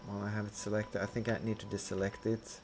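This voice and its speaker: A man's voice: fairly low pitch, flat delivery, fast talker, over music. A man streaming a building game, rambling and questioning himself as he thinks aloud. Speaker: gameplay streamer. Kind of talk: casual gameplay commentary.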